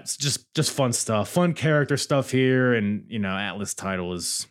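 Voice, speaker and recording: Animated man reviewing wrestling. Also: on the low side. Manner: enthusiastic, chatty, laughs often. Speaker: podcast host. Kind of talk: casual wrestling show review.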